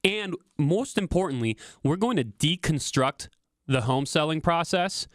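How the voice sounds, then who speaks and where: A man co-hosting a radio talk show, pitching a workshop with a quick promotional delivery. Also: animated, no echo, studio quality. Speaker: radio show co-host, real estate agent.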